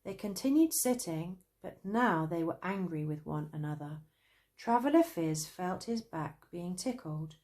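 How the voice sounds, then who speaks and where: A woman with a British accent narrating a children's story, gentle and even. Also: lowish voice. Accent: British English. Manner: slow, gentle, lively voices.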